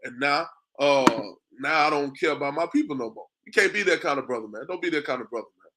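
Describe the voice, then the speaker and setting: Background noise accompanies a fast-talking man with a higher voice as he teaches a street-preaching class. He preaches more than lectures, hurling rhetorical questions, calling his listeners "man" repeatedly, and chuckling often.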